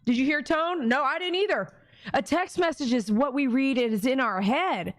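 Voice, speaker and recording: A woman's voice: sits high, normal speed, no echo. A woman dog groomer chatting on her live stream, reading viewer comments aloud and talking emphatically, often checking that viewers agree.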